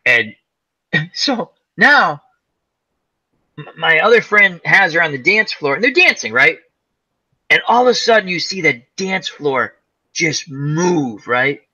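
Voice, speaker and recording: Male chat host, husky and bright, animated storyteller who jumps between voices. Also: on the high side, takes it slowly, long pauses, muffled recording. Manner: animated, laughing storyteller, acts out quoted voices.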